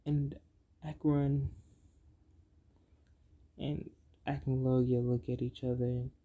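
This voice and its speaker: Halting improvised storyteller, very dark, unhurried delivery. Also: medium pitch, flat delivery. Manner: halting, many fillers and self-corrections. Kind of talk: improvised fan-fiction storytelling.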